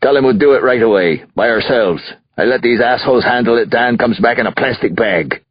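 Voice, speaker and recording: A man voicing a drunk, rude, wealthy middle-aged father who shouts and sneers, in an audiobook. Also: medium pitch, brisk, slightly rough, no echo, lo-fi sound, voice pushed up, lightly acted. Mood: belligerent. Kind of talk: audiobook character voice.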